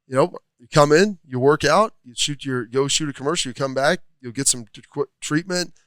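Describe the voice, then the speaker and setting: Rambling ex-player sports analyst, dry sound. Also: male voice, fairly high pitch, fairly quick, fairly bright tone, clear, resonant tone, no echo. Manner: thoughtful, rambling, many fillers. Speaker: former football player turned analyst. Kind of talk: casual sports talk. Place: restaurant studio.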